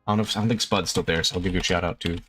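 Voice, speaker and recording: A man's voice: deep voice, fairly even intonation, racing, a bit bright. A young man casually commenting while he plays a video game, chatty and swearing freely, talking to his chat and to the game. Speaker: streamer. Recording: faint game music behind.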